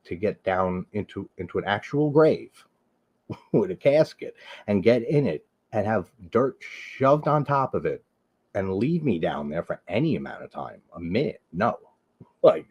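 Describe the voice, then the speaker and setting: A low-pitched man rambles through a casual live-stream chat, leaning hard on "like" and tossing in swear words. The recording sounds dull and lo-fi. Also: darkish tone, slightly rough. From Long Island, New York. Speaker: host of a horror movie live stream.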